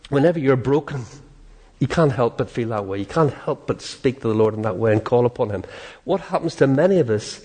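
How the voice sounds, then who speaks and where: A man with a medium-pitched voice preaches a sermon earnestly and with animation. He acts out prayers and quotes, letting out a soft laugh now and then.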